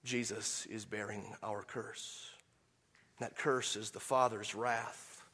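A man preaching a sermon, swinging from quiet, measured explanation to loud, impassioned peaks when he quotes scripture. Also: on the low side, fairly even intonation, breathy edge. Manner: impassioned preaching, rising to near shouts on quotes. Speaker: pastor.

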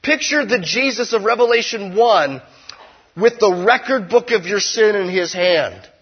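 Male pastor, husky and fairly high, conversational preaching style, loud-to-hushed swings, dull lo-fi sound. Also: animated, a little slow. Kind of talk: sermon.

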